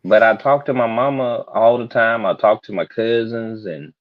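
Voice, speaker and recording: Southern guy from georgia chatting on a stream, lowish voice, kinda muffled sound. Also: moderate pace. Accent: Southern American. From Georgia, USA. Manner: storytelling, mimics others in high voices. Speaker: livestream guest. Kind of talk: casual chat. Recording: dull lo-fi stream audio.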